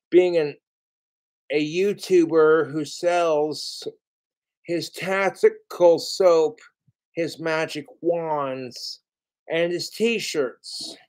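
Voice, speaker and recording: A middle-aged man streaming live, rambling slowly and swearing a lot as he talks about his fans and cooking. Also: a little high, darkish tone. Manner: slow, profane, rambling. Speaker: livestreamer. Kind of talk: rambling livestream monologue.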